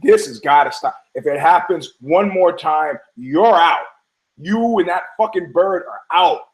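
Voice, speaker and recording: A man's voice: a little high, expressive, unhurried, voice pushed up, low-quality recording. A man doing an indignant landlady. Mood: angry. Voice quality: indignant, scolding. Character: fed-up female landlady, middle-aged, stern.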